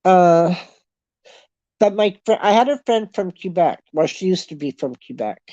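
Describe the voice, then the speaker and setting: A woman's voice: on the low side, lively intonation, moderate pace, warm tone, dry recording. Chatty Canadian woman, lo-fi sound. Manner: chatty storytelling, laughs often. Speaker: livestream host chatting with viewers. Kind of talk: casual chat.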